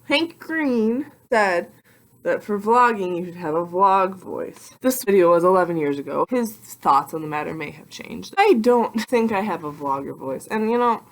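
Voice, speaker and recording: A young adult woman vlogging casually to her computer webcam, rambling and excitable with self-mocking asides. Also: medium pitch, moderate pace. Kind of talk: casual vlog talk to camera.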